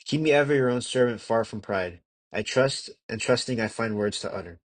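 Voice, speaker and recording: A young man reading a classic religious text aloud as an amateur audiobook narrator, measured and earnest, with occasional slips and restarts. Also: mid-range voice, no room sound. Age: young adult. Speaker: audiobook reader.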